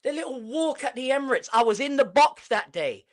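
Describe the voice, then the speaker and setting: A man ranting on a live football reaction stream, animated and mocking, swearing freely. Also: very high voice, fairly quick.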